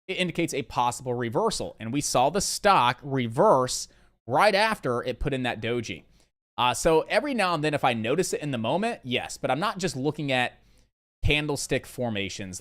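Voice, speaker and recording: A man's voice: medium pitch, fairly bright tone. A man hosting a live day-trading stream. He answers viewer questions in a loose, rambling way, with lots of fillers, and repeats his key points in lists.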